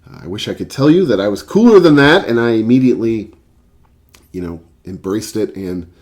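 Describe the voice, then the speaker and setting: A low-pitched man talks casually, his pitch swinging widely as he tells a story. He rambles with lots of fillers, in a loose, chatty vlog style about records. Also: a little fast. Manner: rambling, filler-heavy, animated anecdote. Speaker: record collector and vlogger. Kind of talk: casual storytelling and album review.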